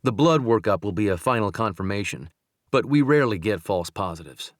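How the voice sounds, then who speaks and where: A man voicing a calm male country doctor in an audiobook, speaking gently and steadily. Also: lowish voice, brisk, dry recording, studio quality, lightly acted. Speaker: audiobook narrator. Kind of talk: audiobook dialogue reading.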